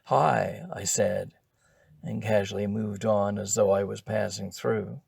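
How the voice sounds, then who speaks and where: An older man reading his own memoir aloud in a measured, wry first-person storytelling manner. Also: fairly low pitch, little pitch movement, gravelly, darkish tone, slightly rough, no echo, clean studio sound. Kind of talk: audiobook narration.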